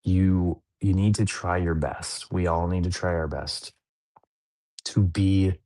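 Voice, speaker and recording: A man's voice: low-pitched, fairly even intonation, slow pace, mellow. A middle-aged man hosting a casual dad podcast, rambling and self-mocking as he tells stories about his day. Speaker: podcast host. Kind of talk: casual chat.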